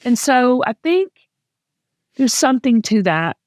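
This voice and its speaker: Slow and expressive, this Southern-accented, middle-aged podcast host speaks candidly and with emotion in casual, story-filled chat. Her voice is a little high with a darkish tone. The recording is dry, clean studio sound.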